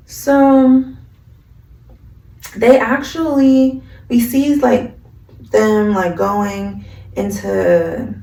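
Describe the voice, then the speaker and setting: A woman's voice: medium pitch, vocal fry, dark tone, recorded from a distance. A woman vlogger in a slangy, chatty casual recap of an anime, recorded in an echoey room. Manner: slangy, chatty, lots of fillers.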